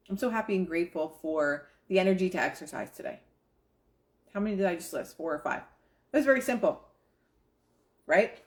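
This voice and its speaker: A woman's voice: on the low side, expressive, a little fast, long pauses. A woman reading aloud from a self-help book and breaking off into casual, chatty commentary, slipping into quoted inner voices. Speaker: manifestation coach.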